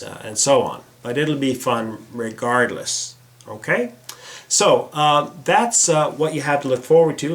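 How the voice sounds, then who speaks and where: This is a chatty, self-deprecating vlog host, a middle-aged man from the United States, speaking straight to camera in a casual style. His voice is medium-pitched and a bit bright, and filler words come up often.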